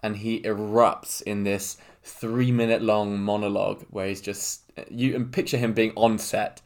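A man's voice: on the low side, level tone, measured pace, darkish tone. A young man co-hosting a casual podcast chat, chatty and self-mocking, laughing often. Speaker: podcast co-host.

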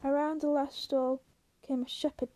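Woman reading a book out loud, steady and unhurried, warm high voice, dry sound. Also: dry recording. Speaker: reader. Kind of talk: reading a novel aloud.

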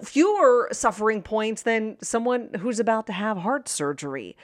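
A woman life coach in her thirties talking candidly to listeners on her own show, chatty and animated, with playful asides. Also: medium pitch, unhurried, dry recording, clean studio sound. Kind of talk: solo podcast talk.

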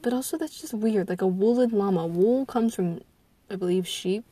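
Recorded dry, a teenage vlogger from the United States talks at a normal pace in a mellow, mid-range voice. Her casual chatter is scattered, with thoughts that trail away, restart and dissolve into giggles.

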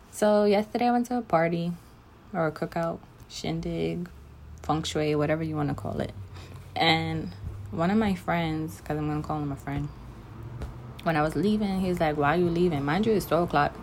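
Young woman, casual vlog rant, blunt, emphatic, slightly low voice, faint background hiss. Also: moderate pace, long pauses. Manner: blunt, emphatic, talks straight to the listener. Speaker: vlogger.

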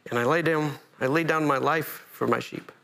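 A man preaching a sermon as pastor, animated and self-interrupting, climbing to emphatic peaks. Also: fairly high pitch, moderate pace, creaky.

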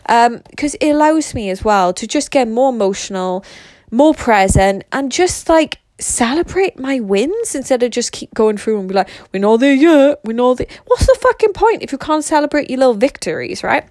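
A woman's voice: a little high, big pitch swings, normal speed, darkish tone, dry recording. Young woman, casual rambling monologue, frequent swearing, dry recording. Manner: rambling, swears freely, lots of "like" and "you know". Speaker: social media creator.

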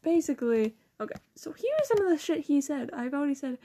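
Teenage girl, high-pitched, casual rambling chat, giggly. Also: sing-song, a little fast, dark tone. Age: teens. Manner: rambling, giggly, quotes people in mocking voices. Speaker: student vlogger.

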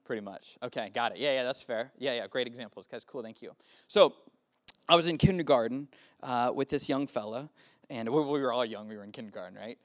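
A man's voice: medium pitch, a little fast. A man in his early thirties preaching casually to a youth group, often asking the room questions. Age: 30s. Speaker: youth pastor. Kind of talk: youth sermon.

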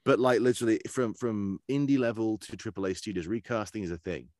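A man who works as a voice actor, chatting casually in an interview and telling animated stories. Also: on the low side, fairly quick, dry recording, clean studio sound. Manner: animated storyteller who slips into character voices. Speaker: voice actor guest.

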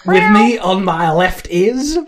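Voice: medium pitch, wildly swooping pitch, drawn-out words. A game master opening a tabletop game session and joking with the players. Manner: joking, laughs often. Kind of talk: casual tabletop game chat.

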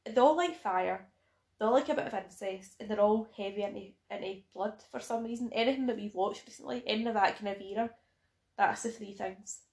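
Gravelly-voiced Scottish woman chatting. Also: medium pitch, a little mellow. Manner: chatty, teasing, quick laughs. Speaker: podcast co-host. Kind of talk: casual chat. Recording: echoey room.

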